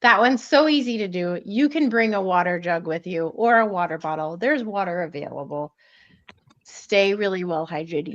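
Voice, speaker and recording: A woman's voice: on the low side, fairly bright tone, no echo. A woman coach giving casual nutrition advice on a group video call, chatty, with frequent laughs and ums. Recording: muffled video-call audio.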